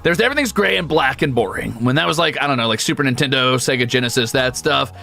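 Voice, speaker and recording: Gravelly, bright-voiced man rambling. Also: mid-range voice, animated, fast, faint music behind. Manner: rambling, profane storyteller. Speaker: streamer. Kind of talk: casual chat.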